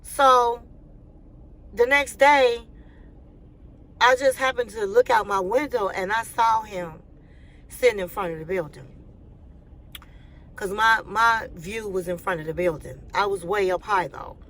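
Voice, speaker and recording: A woman's voice: medium pitch, a little slow, pauses often, a bit bright, a little hiss or hum, rough recording. A woman vlogger telling a personal story in casual chat, acting out the dialogue with animation.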